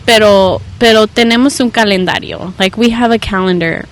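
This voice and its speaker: A woman's voice: animated, brisk, hardly any pauses, rough recording. A young woman from Southern California, a therapist and podcast guest, telling an earnest story in casual conversation. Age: young adult. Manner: earnest storytelling, acts out quoted voices with raised pitch.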